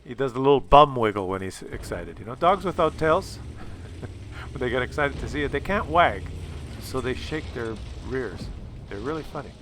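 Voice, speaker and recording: A man giving casual, animated commentary on gameplay, chatty and swearing freely. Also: mid-range voice, moderate pace, a little hiss or hum. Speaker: gaming video commentator.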